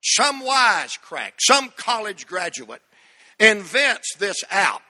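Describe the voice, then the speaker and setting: Middle-aged male pastor, high bright voice, emphatic sermon delivery with folksy asides. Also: very animated, slow pace. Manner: emphatic preaching with repetition and rhetorical questions.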